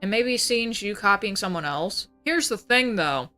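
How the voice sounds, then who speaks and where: A woman's voice: medium pitch, animated, measured pace, pushed and bright, soft background music. A young woman streaming as a VTuber, ranting in a casual, profane, heated way and slipping into mocking voices. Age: young adult. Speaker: VTuber livestreamer. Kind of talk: casual ranting livestream chat.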